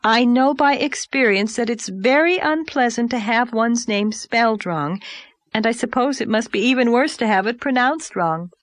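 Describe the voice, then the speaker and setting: A woman's voice: a little high, moderate pace, no echo, lightly acted. A woman voicing a tired, flustered young schoolteacher who answers politely and hesitantly. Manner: polite, hesitant, a little breathless.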